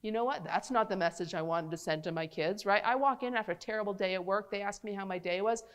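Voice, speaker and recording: Middle-aged New woman doctor, lively and chatty talk to a community crowd. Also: mid-range voice, quick pace. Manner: animated, chatty, talks straight to the audience. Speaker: physician giving a public talk. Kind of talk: lively public health lecture.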